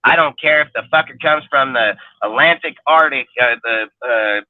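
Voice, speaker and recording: A man's voice: medium pitch, normal speed, no room sound. A man co-hosting a sports fan roundtable, ranting emphatically and swearing constantly. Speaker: podcast co-host. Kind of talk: heated fan roundtable talk. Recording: narrow phone-like dry sound.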